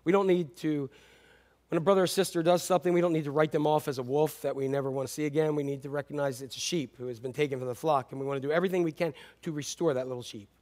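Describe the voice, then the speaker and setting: A man preaching a sermon as a pastor, animated, swinging between loud and hushed delivery. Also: fairly high pitch, racing.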